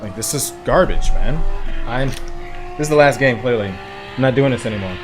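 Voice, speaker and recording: A man streaming a racing game live, frustrated and swearing, swinging between outbursts and low muttering. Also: lively intonation, moderate pace, over music. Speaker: gaming streamer. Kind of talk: live gameplay commentary.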